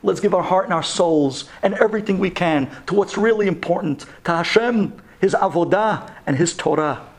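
Rabbi, sermon storyteller, gravelly, husky, high-ish voice, animated delivery. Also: male voice, moderate pace, hardly any pauses. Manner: animated, building to exclamations, then hushed and earnest.

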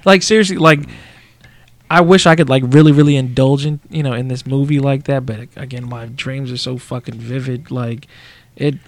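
A man's voice: medium pitch, steady tone, normal speed, no room sound. A man co-hosting a casual talk, reacting and musing about a film. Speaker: podcast co-host. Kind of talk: casual chat.

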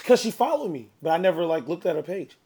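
A man with a fairly high voice hosting a casual podcast, leading the segments. He tells his stories in an animated, chatty way. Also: fast, husky. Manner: animated storyteller, steers the show. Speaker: podcast host.

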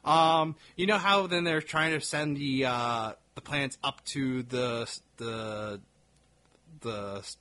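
A man's voice: mid-range voice, takes it slowly, pushed and bright, a little hiss or hum. A man chatting casually as a podcast co-host, rambling with swearing and laughing at his own jokes. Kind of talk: casual chat.

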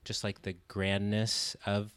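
A laid-back man co-hosting a casual film chat, with a lowish, smooth voice. He hesitates often and leans on fillers. The sound is dry and close-miked. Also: completely flat delivery, slow pace, fairly bright tone, dry recording.

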